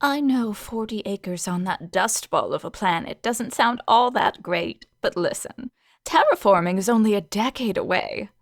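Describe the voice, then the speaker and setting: A woman's voice: medium pitch, lively intonation, unhurried, no echo, clean studio sound. A woman reading an audio story, voicing a pushy, flustered alien woman who sells land on Mars, with chatty, overly earnest sales patter. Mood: earnest sales pitch.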